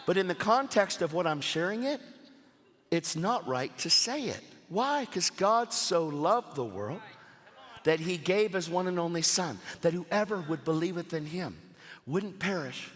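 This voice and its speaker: A man preaching a sermon at a church service, animated and casual, with slangy asides to the crowd. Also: sits high, normal speed, big-room sound.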